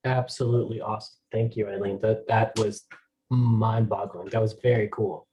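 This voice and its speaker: A man hosting a meetup, telling a story in a casual, halting way over a video call, with many restarts and fillers. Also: fairly low pitch, fairly even intonation, mellow, slight background noise, rough recording. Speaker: meetup host.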